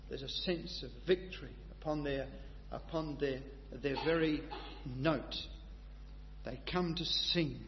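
A high-pitched man delivering a sermon, one moment soft and reflective, the next loud and emphatic. The recording is dull and lo-fi with a faint hum, and the voice carries a long hall reverb. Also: unhurried. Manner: impassioned, swings between quiet reflection and loud emphatic declaration. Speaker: preacher.

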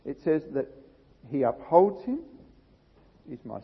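A man's voice: fairly high pitch, very animated, takes it slowly, gravelly, slightly rough. A man preaching an expository Bible sermon, reading scripture aloud and then commenting on it with rising emphasis. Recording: dull lo-fi recording in a reverberant hall.

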